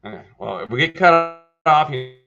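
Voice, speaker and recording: A man's voice: on the high side, animated, normal speed, creaky, bright, forceful tone, dull audio. A man hosting a casual live chat. He reads viewer comments aloud and answers them by name in a folksy way. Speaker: livestream host answering viewer questions.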